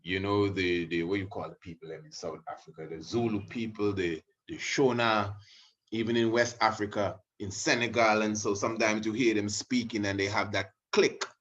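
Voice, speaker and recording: A man hosting religious videos teaches in a meandering, casual way, with many asides, you-knows, and restarted sentences. He speaks at a normal speed in a lowish, steady voice with a fairly bright tone, recorded in muffled lo-fi audio.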